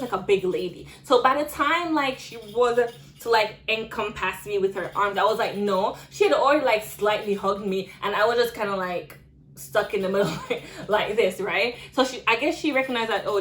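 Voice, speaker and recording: A woman's voice: mid-range voice, a bit bright, rough recording. Young woman vlogger, casual and rambling, mid-range voice, full of fillers. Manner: rambling, filler-heavy retelling. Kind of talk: storytime vlog.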